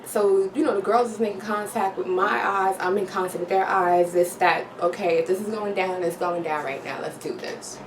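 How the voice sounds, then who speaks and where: A woman spins a story for her vlog, punctuating it with slang and little sound effects. She sounds set back from the mic in an echoey room. Steady background noise hangs under her voice. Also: mid-range voice, normal speed, hardly any pauses. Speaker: vlogger. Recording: roomy, distant, noisy home recording.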